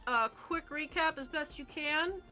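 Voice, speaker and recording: A woman's voice: sits high, a little slow, bright, forceful tone, faint music behind. A woman hosting a tabletop game podcast, introducing herself and others with hesitant ums. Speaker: podcast host. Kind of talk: casual chat.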